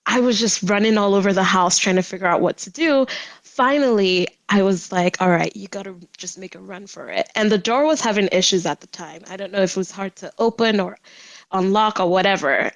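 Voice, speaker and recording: A woman's voice: medium pitch, moderate pace, no room sound, poor audio. Young woman telling a story on a podcast, laughing a lot, dry close sound. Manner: animated, laughs often while telling. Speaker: podcast guest. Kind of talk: casual storytelling.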